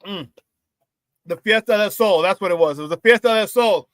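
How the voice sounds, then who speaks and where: A man hosting a live sports talk show, hyped and loud, with casual slangy banter as he reads out chat shout-outs. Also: high voice, moderate pace, dry recording.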